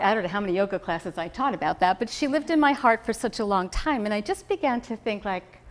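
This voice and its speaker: A woman minister giving a relaxed, conversational sermon, telling stories and laughing easily, recorded on a hidden mic at a spiritual center. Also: medium pitch, a little hiss or hum. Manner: chatty storytelling, laughs easily. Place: spiritual center meeting room.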